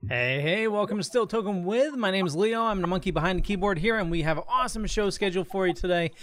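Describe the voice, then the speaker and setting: An upbeat man hosts a casual podcast chat. His voice sits a little high, and he laughs easily and calls his co-hosts dude. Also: fast talker, fairly bright tone, soft background music. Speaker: podcast host.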